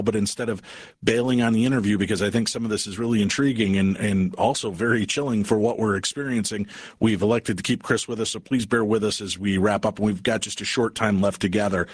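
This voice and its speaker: A man's voice: on the low side, husky, no room sound, clean studio sound. A man hosting a late-night radio talk show, steering the talk with guests and callers.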